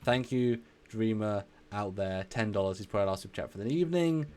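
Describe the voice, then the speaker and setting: Rambling live stream host. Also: male voice, lowish voice, quick pace, a little mellow, a little hiss or hum. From England. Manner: rambling, effusive, repeats himself. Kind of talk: casual live stream chat.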